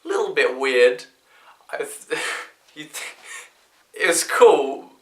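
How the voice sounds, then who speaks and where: British male reviewer, bright edgy voice, unhurried rambling delivery, echoey room. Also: fairly high pitch, expressive. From Britain. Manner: rambling, chatty, with many fillers and restarts. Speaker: film reviewer. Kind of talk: casual spoken movie review.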